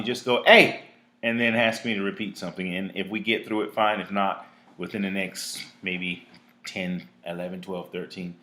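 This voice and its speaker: Earnest, easygoing man with a lowish voice. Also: fairly bright tone. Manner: earnest, preachy and easygoing, with casual asides. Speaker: host of a live talk show. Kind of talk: reading a reflective piece and chatting with a phone guest.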